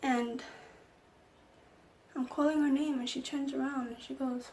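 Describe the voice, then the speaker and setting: A woman's voice: high voice, steady tone, measured pace, a little mellow, a little hiss or hum. A young woman vlogger telling an emotional personal story, acting out the lines of the people in it. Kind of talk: storytime vlog.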